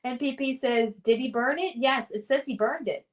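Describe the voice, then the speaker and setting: A woman hosts a casual livestream, reading her viewers' chat messages aloud and answering them. Her voice sits a little high, and she talks in a loose, friendly way. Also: normal speed. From United States. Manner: chatty, reads chat names then responds. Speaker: streamer hosting a trivia game.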